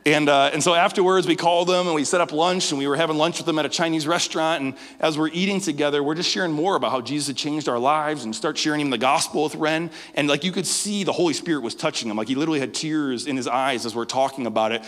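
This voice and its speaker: A man as guest pastor telling a story in a sermon, animated, often stammering over repeated words. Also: on the high side, quick pace, hardly any pauses. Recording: long hall reverb.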